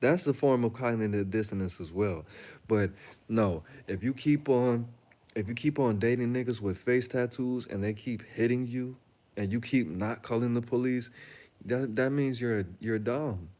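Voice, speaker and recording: A man's voice: medium pitch, moderate pace, mellow. A young man hosting a reaction channel, talking casually and bluntly to the camera, joking and telling stories in slang. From Chicago.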